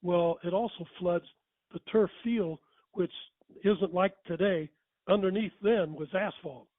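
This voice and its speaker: This older man's storytelling is casual and unhurried, his high voice wandering off track, chuckling, and correcting itself. The audio has no room sound but comes across tinny, as if over a phone.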